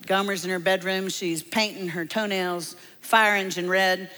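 A woman's voice: medium pitch, fairly even intonation, moderate pace, few pauses, a bit bright. A woman preacher who tells her sermon as a humorous story full of asides. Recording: long hall reverb.

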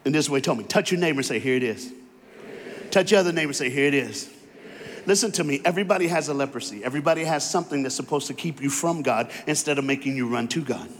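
A male preacher from Florida giving a sermon, swinging from quiet storytelling into fervent, sing-song call-and-response. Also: on the high side, rapid-fire, few pauses, slight background noise. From Florida, USA. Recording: long reverb in a large hall.

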